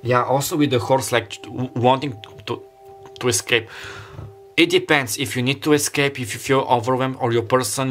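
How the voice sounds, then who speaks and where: Guy doing a tarot reading, mid pitch, kind of rambly and heartfelt, hunts for words, faint music behind. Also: a bit bright. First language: Bulgarian. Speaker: tarot card reader. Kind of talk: pick-a-card tarot reading.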